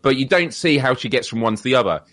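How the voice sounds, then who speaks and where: A man's voice: medium pitch, fast talker, a little hiss or hum. A British man co-hosting a podcast, chatting casually, laughing often and acting out quotes as he tells stories. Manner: laughs often, animated storytelling with mimicked quotes. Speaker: podcast co-host. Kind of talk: casual chat.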